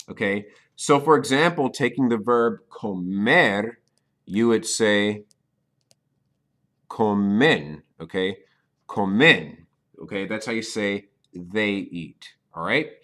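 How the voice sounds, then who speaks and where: Low-voiced man teaching a patient lesson. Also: a bit bright. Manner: patient explaining, checks in with "okay?"; repeats key points for beginners. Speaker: Spanish teacher. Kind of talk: recorded video lesson.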